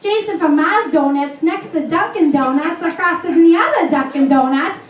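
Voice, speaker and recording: A woman voicing a chirpy woman car dealer in a local TV ad, with a nasal, upbeat sales pitch. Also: moderate pace, echoey room, distant mic, a little hiss or hum. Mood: peppy.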